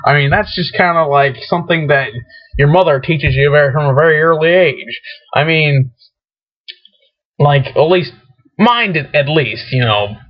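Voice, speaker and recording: Rambling high-voiced man vlogging. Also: moderate pace. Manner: rambling, hesitant, many fillers. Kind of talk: rambling opinion monologue. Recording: dull lo-fi webcam recording.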